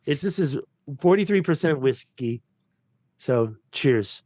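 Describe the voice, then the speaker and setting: Excitable rambling man on a video call. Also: fairly high pitch, takes it slowly, no room sound. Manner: rambling, excitable, swears casually. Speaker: podcast guest. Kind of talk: casual video-call chat.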